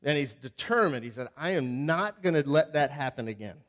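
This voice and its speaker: A slightly high-voiced pastor telling a funny story. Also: male voice, brisk. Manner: conversational, animated, asks the congregation questions. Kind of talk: sermon with humorous storytelling. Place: church sanctuary.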